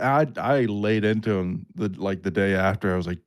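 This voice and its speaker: A man's voice: on the low side, a little fast, smooth. A young man hosting a podcast, joking around and swearing freely in casual chat. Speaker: podcast host.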